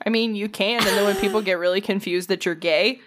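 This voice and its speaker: A woman's voice: mid-range voice, steady tone, quick pace, a bit bright. A woman in her thirties co-hosting a podcast, telling stories in a blunt, teasing, casual way. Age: 30s. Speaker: podcast co-host. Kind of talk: casual chat.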